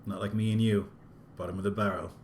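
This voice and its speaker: A man's voice: on the low side, level tone, quick pace, darkish tone, a little hiss or hum. A man playing a tabletop role-playing game, talking casually and rambling as he describes his character. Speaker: player. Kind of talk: tabletop role-play narration.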